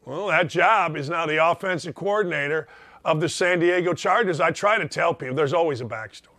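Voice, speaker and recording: A man's voice: on the high side, a little fast, pushed and bright, dry recording. An older man hosting a sports talk show, ranting emphatically in an opinionated monologue.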